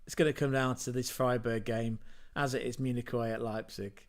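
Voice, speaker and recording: A man's voice: mid-range voice, little pitch movement, a little fast. A man hosting a casual football livestream, chatty and rambling, with self-mocking asides. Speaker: football podcast host.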